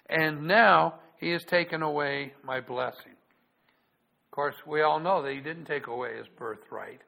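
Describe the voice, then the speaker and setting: Pastor guy, gravelly, stops n repeats himself, reads bible passages loud. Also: on the high side, poor audio. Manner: halting, repeats words, reads scripture aloud in a raised voice. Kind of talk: sermon with scripture reading.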